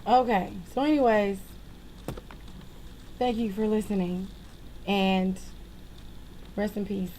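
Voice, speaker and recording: A woman venting to her viewers in a casual monologue into a webcam, animated and exasperated. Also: medium pitch, slow pace, long pauses, slight background noise, low-quality recording. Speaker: vlogger.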